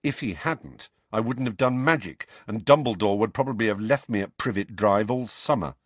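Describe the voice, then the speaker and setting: A man's voice: fairly low pitch, lively intonation, normal speed, no room sound. A man voicing a bitter, defiant teenage boy. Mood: angry. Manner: clipped, rising to shouting.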